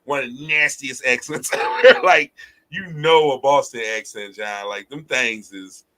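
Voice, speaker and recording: A man with a Philadelphia accent hosting a casual podcast chat, animated and joking, cursing freely. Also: medium pitch, measured pace, rough recording. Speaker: podcast host.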